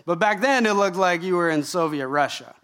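A middle-aged man from Canada, a pastor giving a sermon, telling a story with lively rhetorical questions. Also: high-pitched, a little fast.

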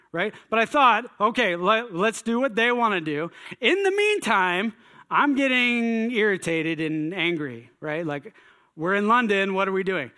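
A man telling a personal story in an animated way, acting out his own thoughts with exclamations. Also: high-pitched.

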